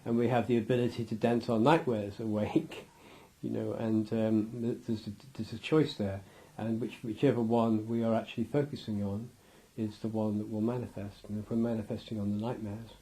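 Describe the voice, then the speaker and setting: A man's voice: lowish voice, level tone, normal speed, hardly any pauses, mellow. A man giving a loose, rambling interview, restarting his sentences and acting out little scenes with laughter.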